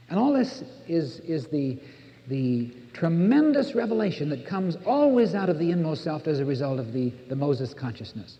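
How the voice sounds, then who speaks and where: A man's voice: on the high side, very animated, moderate pace. An older American man giving an earnest sermon as a minister, repeating words for emphasis. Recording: dull old cassette recording in a reverberant hall.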